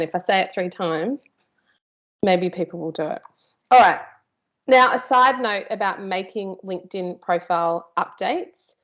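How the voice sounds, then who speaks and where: A woman's voice: fairly low pitch, lo-fi sound. A woman teaching a live workshop, chatty and informal, with playful asides to her host. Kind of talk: live online workshop presentation.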